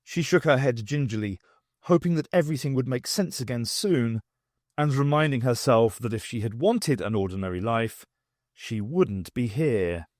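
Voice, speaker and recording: Man, audiobook narration, expressive storytelling, animated pitch, dry close sound. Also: normal speed, no room sound. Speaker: audiobook reader.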